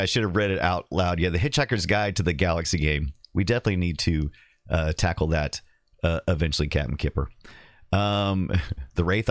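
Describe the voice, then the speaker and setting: A man's voice: low voice, dry recording, studio quality. A man hosting a casual retro computer livestream, rambling and correcting himself as he reads the chat. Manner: rambling, self-correcting, reads chat and game text aloud.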